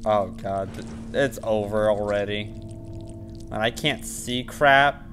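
A man commentating his own horror game playthrough, muttering to himself between sudden panicked shouts. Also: fairly low pitch, slow, noisy background. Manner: mutters to himself, then yelps and shouts when scared. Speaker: gaming channel host.

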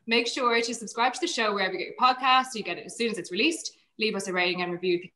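Brisk bright-voiced woman host. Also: mid-range voice, reverberant. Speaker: podcast host. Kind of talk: scripted outro.

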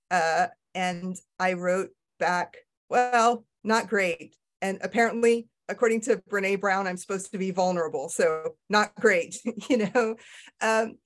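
A middle-aged woman author being interviewed. She talks casually and candidly, pokes fun at herself and often stops to restart her sentences. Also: medium pitch. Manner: candid, self-deprecating, halting with restarts. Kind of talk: casual conversation.

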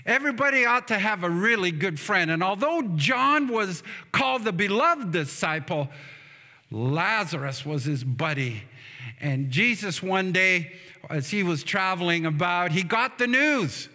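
A man's voice: high voice, expressive, measured pace, pushed and bright. A man preaching a funeral sermon as pastor, telling the story and asking the congregation for amens. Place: church sanctuary. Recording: long church hall reverb.

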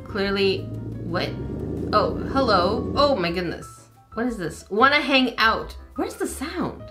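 A woman's voice: fairly high pitch, lively intonation, slow, music in the background. A woman hosting a let's-play gaming video, chatty and often confused, talking to her viewers. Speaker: gaming channel host. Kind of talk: casual let's-play commentary. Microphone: desk microphone.

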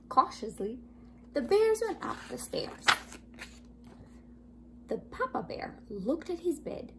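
A woman teacher reading a children's story aloud, expressive and drawn out, dropping into hushed asides. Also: medium pitch, measured pace, creaky, a little hiss or hum, rough recording. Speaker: preschool teacher.

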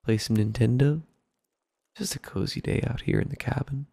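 A man's voice: medium pitch, moderate pace, vocal fry, mellow, husky, no echo. A man voicing a friendly, laid-back Canadian hockey guy with a Canadian accent, homey and welcoming. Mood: cozy welcoming.

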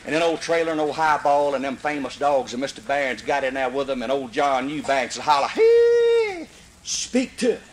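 A man with a Mississippi accent telling a folksy comic story, animated and prone to loud hollers. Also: mid-range voice, quick pace, hardly any pauses, a little hiss or hum, rough recording. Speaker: comedian storyteller. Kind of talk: live comedy storytelling.

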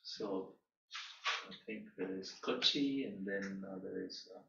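An earnest man lectures and tells stories, pausing often as he goes. His voice is bright and crisp. It comes from a distance through a dull mic in an echoey room. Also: sits low, a little hiss or hum. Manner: earnest storyteller, halting with pauses. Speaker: guest teacher at a Bible school. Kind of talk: lecture with personal testimony.

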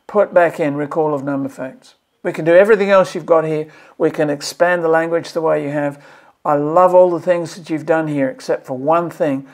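A man's voice: on the high side, gravelly. A man from Australia, a maths educator presenting a video series, giving earnest, exasperated commentary and pleading with repeated phrases. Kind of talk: impassioned commentary to camera.

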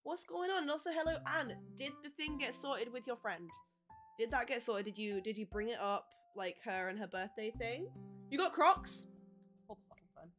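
A woman's voice: fairly high pitch, animated, moderate pace, a bit bright. A woman live streamer chatting casually with her viewers, bubbly and giggly as she greets and answers them. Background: faint music.

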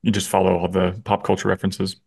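A man's voice: low voice, monotone, creaky, darkish tone, no room sound. A man co-hosting a podcast, chiming in with short, wry comments during a casual chat. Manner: quick wry interjections. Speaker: podcast co-host.

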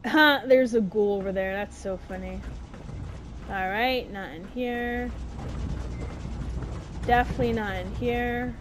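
A woman's voice: fairly high pitch, unhurried, pauses often, slight background noise. Exasperated woman commenting on gameplay. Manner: exasperated, swearing, slangy. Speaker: gaming streamer.

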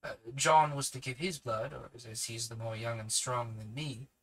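A man voicing a grave, commanding elderly professor in a hushed, measured tone. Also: medium pitch, steady tone, lightly acted, rough recording. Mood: grave, kindly.

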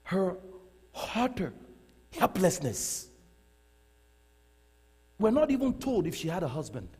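A middle-aged man preaching a sermon in a church hall. He talks in an animated way, laughs often and repeats phrases for emphasis. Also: high voice, slow, slightly rough. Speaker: pastor. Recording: long reverb of a large hall.

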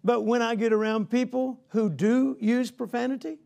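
Male preacher, high gravelly voice, folksy conversational sermon with frequent calls for "Amen?". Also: fairly even intonation, moderate pace, a little mellow. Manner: conversational, folksy, peppered with "you know".

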